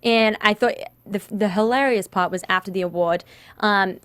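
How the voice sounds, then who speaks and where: A woman's voice: mid-range voice, normal speed, clean tone, dry recording. A woman from northern England with a Northern English accent, co-hosting a casual sports chat and telling stories with frequent laughter. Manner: giggly, animated storyteller. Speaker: co-host.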